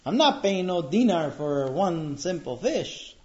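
A man's voice: a little high, sing-song, unhurried. A man voicing a defiant young Roman servant, with brash, slangy talk. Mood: indignant. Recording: dull lo-fi recording.

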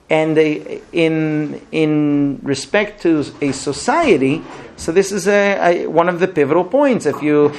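A man teaching a religious class, telling a long story in an animated way. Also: on the high side.

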